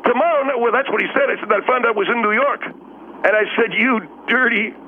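A man with a very high voice calls in over a thin, tinny phone line. He rambles through a story in broken, halting English, stumbling and getting worked up. Faint hiss sits under the call. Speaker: caller. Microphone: telephone.

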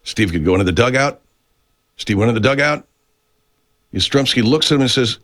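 Husky, rambling, profane male radio host. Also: medium pitch, animated, brisk, fairly bright tone, dry recording. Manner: profane, meandering, easily sidetracked. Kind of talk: rambling studio monologue.

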